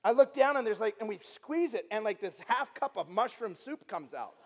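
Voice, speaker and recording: A man preaching a sermon as a traveling evangelist, telling a personal story in a conversational, animated way with filler words and loud emphatic moments. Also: high-pitched, normal speed. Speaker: itinerant preacher. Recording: long reverb from a large hall.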